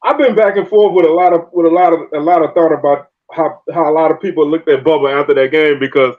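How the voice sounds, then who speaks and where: A man hosting a casual sports chat, telling animated stories and laughing often. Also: a little high, quick pace, narrow, tinny audio. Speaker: podcast host.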